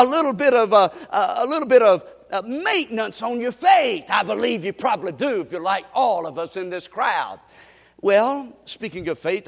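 Male preacher, high pitch, folksy storyteller who drives call-and-response, recorded in a reverberant church. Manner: folksy storytelling with frequent restarts. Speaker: pastor. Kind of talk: sermon. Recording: long reverb of a church hall.

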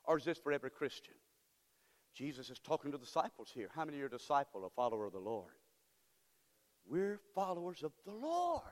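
Male pastor, high lively voice, preaching in a reverberant church hall. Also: brisk. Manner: impassioned, swings from quiet storytelling to shouted praise. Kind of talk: sermon. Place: church sanctuary.

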